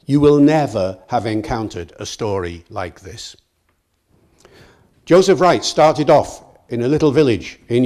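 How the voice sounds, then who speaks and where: An older man giving a public lecture, telling stories in a lively way and speaking straight to the audience. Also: medium pitch. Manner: storytelling, lively, addresses audience directly.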